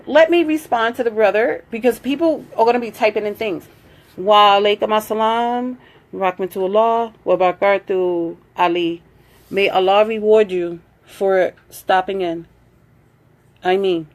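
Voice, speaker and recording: A woman's voice: medium pitch, a little slow. A woman hosting a casual live video, chatting, reading out viewer comments and coaching her daughter in a motherly way. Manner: chatty, reads out viewer comments and greets them warmly. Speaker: livestream host.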